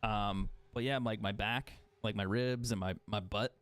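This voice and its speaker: A man with a lowish, fairly bright voice streams a video game at a measured pace, his intonation fairly even over a little hiss or hum. He's an adult chatting casually, swearing often and laughing at himself.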